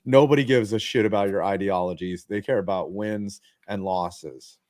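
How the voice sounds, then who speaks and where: A man hosting a casual podcast, swearing and joking while calling each pitch of a baseball game. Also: moderate pace, a little mellow. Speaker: podcast host. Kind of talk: casual chat with live baseball play-by-play.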